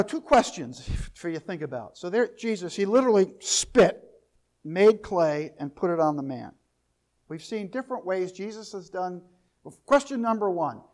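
Man, high voice, Bible teacher, reads verses aloud then explains, repeats questions for emphasis. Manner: repeats key questions, rising to louder emphasis.

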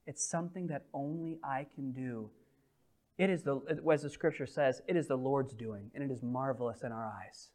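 A man preaching a sermon, moving between loud proclamation and quiet, intimate storytelling, reading scripture slowly. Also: mid-range voice. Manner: dynamic preaching, swings from loud proclamation to hushed intimate delivery; reads scripture slowly and deliberately. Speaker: pastor.

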